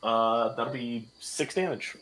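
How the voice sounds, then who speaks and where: A man playing a tabletop game, joking and blurting out his attacks in quick bursts. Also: medium pitch, background noise. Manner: jokey, rushed bursts. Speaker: player. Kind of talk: casual tabletop play.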